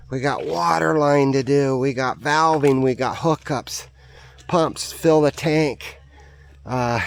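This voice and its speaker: A man's voice: medium pitch, gravelly. A man walking his farm outdoors, rambling in an upbeat, sweary, casual vlog to a handheld camera. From United States. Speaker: vlogger, farm owner.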